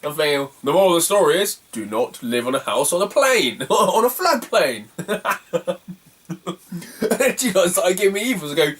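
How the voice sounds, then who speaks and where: A man's voice: high-pitched, animated, moderate pace, a bit bright, recorded from a distance. A man, telling a rambling, self-mocking travel story in a casual video. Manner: rambling, self-mocking, laughs at his own stories. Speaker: retro game collector vlogger.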